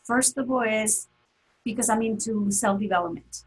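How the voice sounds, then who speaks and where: A woman's voice: a little high, normal speed, slightly rough, low-quality recording. A woman telling an emotional personal story as an interview guest, earnest, with many fillers and restarts.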